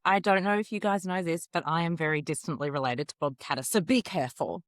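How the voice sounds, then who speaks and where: A woman co-hosting a podcast, telling stories in an animated way and acting out what people said. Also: low-pitched, quick pace, no echo. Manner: animated storyteller, acts out voices. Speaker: podcast co-host. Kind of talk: casual chat.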